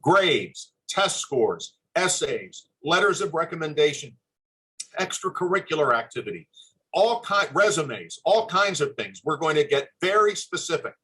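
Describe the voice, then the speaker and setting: An older man giving a formal webinar presentation over a video call, speaking in an earnest, measured and courteous way. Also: fairly high pitch, very animated, sharp tone, husky, low-quality recording. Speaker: webinar presenter, former admissions dean.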